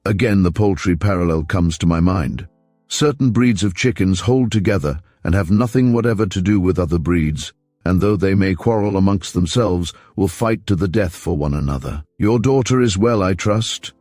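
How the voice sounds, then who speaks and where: A man reading a crime novel aloud in an even, measured way as audiobook narrator. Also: sits low, no room sound, clean studio sound. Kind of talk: scripted narration.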